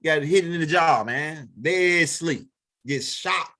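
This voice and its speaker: Rambling, cursing man, somewhat high voice. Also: slow pace, sharp tone. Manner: rambling, profane, repeats words and restarts. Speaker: vlog host telling stories. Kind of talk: casual street storytelling monologue.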